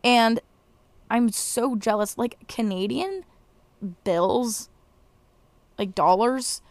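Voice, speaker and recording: A woman's voice: a little high, extremely slow, no echo. A young woman hosting a podcast, ranting casually and exasperatedly, swearing and rambling with restarts. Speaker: podcast host. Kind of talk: casual solo rant.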